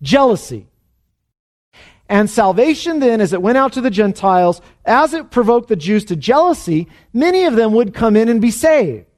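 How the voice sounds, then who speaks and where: Male pastor, sermon delivery, rhetorical questions, high voice with a wide swing. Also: normal speed. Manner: animated preaching, voicing quotes with emphatic shifts; asks rhetorical questions of the congregation.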